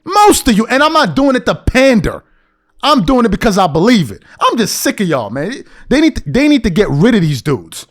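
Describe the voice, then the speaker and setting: A man's voice: high-pitched, wildly swooping pitch, normal speed. A married man hosting a commentary show, ranting bluntly and with exasperation in slangy, repetitive speech. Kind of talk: heated opinion rant.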